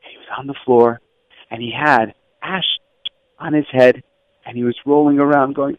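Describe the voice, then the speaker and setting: A man teaching schoolchildren through stories, lively and acting out the voices of people in them. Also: fairly quick, no echo. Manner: animated, acts out quoted voices with raised pitch. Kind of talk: storytelling lesson. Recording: dull lo-fi, dry.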